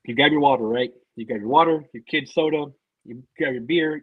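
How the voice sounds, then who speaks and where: A man rambles through casual podcast talk, swearing freely and circling back over his own words. His voice is husky and mid-pitched, and the recording sounds dry and a little dull. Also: brisk, no echo. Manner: rambling, profane, repeats himself. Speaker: podcast guest.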